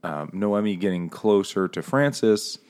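A man's voice: lowish voice, animated, measured pace, a little mellow, clear, resonant tone. A man co-hosting a casual book podcast, swearing freely and acting out characters as he recaps. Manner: profane, jokey, acts out characters in quotes. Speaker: podcast co-host. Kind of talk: casual book-club chat.

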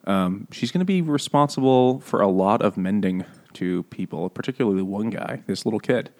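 A man's voice: fairly low pitch, normal speed. A man co-hosting a casual book-club podcast over beer, retelling a plot with swearing and jokes. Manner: profane, joking, lively retelling of a plot. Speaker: podcast co-host.

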